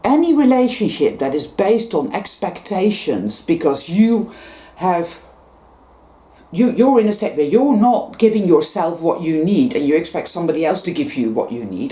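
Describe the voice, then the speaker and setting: Intense, low-voiced woman in an echoey room. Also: lively intonation, moderate pace, dark tone. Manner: intense, emphatic, swears freely, repeats phrases. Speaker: spiritual vlogger. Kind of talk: impassioned spiritual monologue. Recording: roomy echo.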